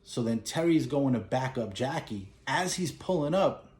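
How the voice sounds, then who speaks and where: A man casually retelling a film's plot as a collector and reviewer, animated and breaking into character lines. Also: mid-range voice, moderate pace. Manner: animated storytelling, acts out lines in a raised voice. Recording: roomy echo.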